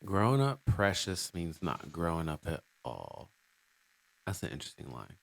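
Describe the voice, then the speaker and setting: A man's voice: deep voice, sing-song, normal speed, creaky, no echo. A man co-hosting a music reaction video, chatting in a laid-back, musing way and laughing easily. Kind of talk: casual reaction chat.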